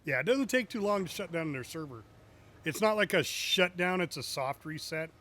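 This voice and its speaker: A man's voice: fairly high pitch, animated, moderate pace, a bit bright. A man streaming a driving game, chatting casually and cracking jokes at his own puns. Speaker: gaming streamer. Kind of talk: casual live gameplay chat.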